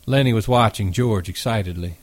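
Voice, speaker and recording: A man narrating a novel as an audiobook in a steady, measured reading. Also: lowish voice, no room sound.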